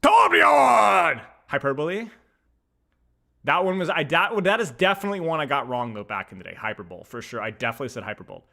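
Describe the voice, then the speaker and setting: Animated bright-voiced young man streamer. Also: a little high, fast. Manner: animated, flares into mock-outraged shouting. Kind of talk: casual pronunciation chat.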